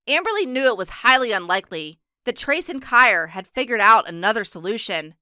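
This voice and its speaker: A woman reads an audiobook aloud in a steady, measured way. Her voice is bright and crisp, and the recording is close and completely dry. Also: a little high, dry recording. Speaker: audiobook narrator. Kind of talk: scripted narration.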